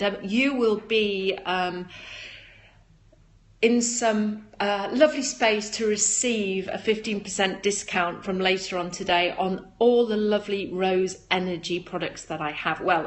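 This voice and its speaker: A woman hosting a casual livestream, chatting in a bubbly, high-energy, rambling way and reading viewer comments aloud, recorded on a phone camera at a table indoors. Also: a bit bright. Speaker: livestream host selling flower essences.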